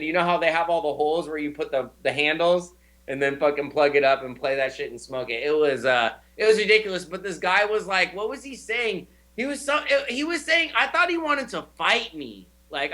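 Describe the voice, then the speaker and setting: A young man hosting a casual chat, telling stories in a slangy, swearing, animated way. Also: fairly high pitch. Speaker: show host.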